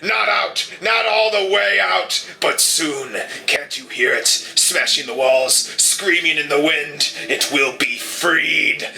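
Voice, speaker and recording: A man voicing a tormented possessed man who raves in a low, deep voice, swinging between pleading and scorn. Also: takes it slowly, vocal fry, few pauses, bright, forceful tone, exaggerated voice. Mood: raving. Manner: raving, broken, shifting between pleading and scorn.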